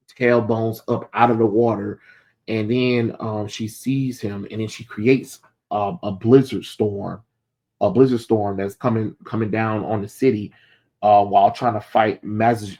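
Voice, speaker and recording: A man talks through a comic's story in a relaxed, rambling way, dropping frequent fillers as he paraphrases what the characters say. His voice sits a bit on the low side. He ends by giving his own take on the issue. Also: normal speed. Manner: loose storytelling, quotes characters casually with many fillers. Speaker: comic book reviewer. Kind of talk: casual comic recap and review.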